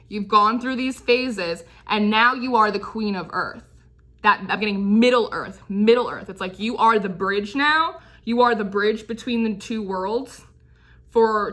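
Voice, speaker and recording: A young woman with a medium-pitched, slightly bright voice gives a casual tarot reading. She's chatty and leans heavily on fillers, repeats phrases, and slips into quick put-on voices now and then.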